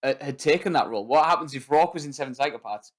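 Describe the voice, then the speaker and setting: A man's voice: mid-range voice, quick pace, a crowd in the background. A man co-hosting a film podcast, talking casually and acting out quoted movie lines with animation. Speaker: podcast co-host.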